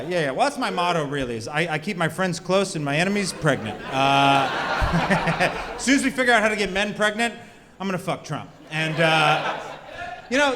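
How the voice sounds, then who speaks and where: A millennial male comedian with a high-pitched voice does a stand-up set on a comedy club stage, crude, self-mocking, and chatty as he works the crowd. The house is loud with audience laughter, and there's long reverb.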